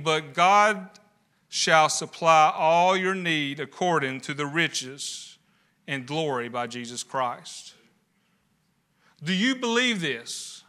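A man's voice: high voice, pushed and bright. A man preaching a sermon, building emphasis with rhetorical questions. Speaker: pastor.

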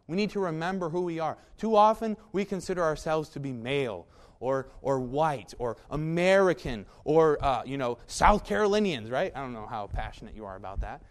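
A man preaching with a voice pitched a little above most men's. His delivery is folksy and emphatic, and he keeps turning to the congregation with quick asides. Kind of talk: sermon.

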